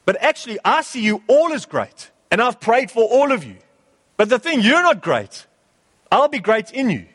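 A man's voice: very high voice, very animated, moderate pace, fairly bright tone, breathy edge, big-room sound. A male pastor preaching a sermon, urging his church with emphatic, repeated exhortations.

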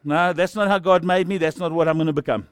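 A middle-aged man preaching a sermon, telling stories that swing from hushed to shouting. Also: a little high, fairly even intonation, quick pace, clear, resonant tone, dry recording. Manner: storytelling, swings from quiet to shouting. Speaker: pastor.

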